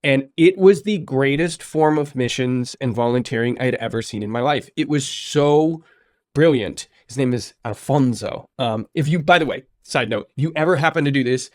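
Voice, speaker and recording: A man hosting an interview podcast, telling stories in an animated way and acting out the people he quotes. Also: medium pitch, normal speed, no room sound, clean studio sound. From United States. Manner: animated storyteller, acts out quoted speech. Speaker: podcast host. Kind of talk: conversational interview.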